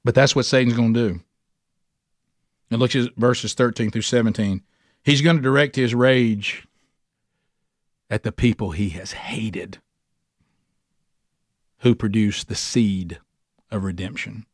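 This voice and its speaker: A man teaching a men's Bible study, preaching emphatically, slowing down to stress points and speeding up when fired up. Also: fairly low pitch, dry recording, studio quality.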